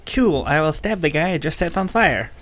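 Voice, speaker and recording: A man playing a tabletop game, excitable and playful, laughing and shouting at good rolls. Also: on the high side, normal speed, a crowd in the background. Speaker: player.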